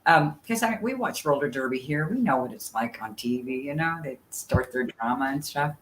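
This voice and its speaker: A woman's voice: extremely low pitch, fairly quick, slight background noise. Chatty woman storyteller, roomy sound. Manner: chatty, animated storyteller, many fillers. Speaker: guest. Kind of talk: casual storytelling chat. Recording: roomy sound with faint ambience.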